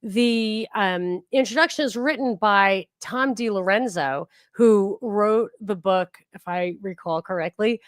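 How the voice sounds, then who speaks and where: A woman's voice: medium pitch, a little slow, hardly any pauses, dry recording, studio quality. A woman hosting a podcast, chatting casually and digressively about a book, often restarting her sentences. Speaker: podcast host. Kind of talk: casual book reading and discussion.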